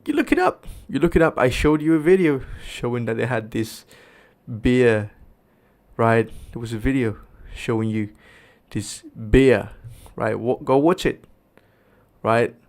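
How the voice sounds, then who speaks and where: Slow emphatic male streamer. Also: mid-range voice, darkish tone. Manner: emphatic, repeats words for stress. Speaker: streamer commenting on a clip. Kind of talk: reaction commentary.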